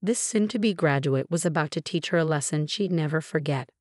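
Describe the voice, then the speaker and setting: Even, steady woman narrator for a first-person story; low-pitched, dry. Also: fairly quick, dry recording.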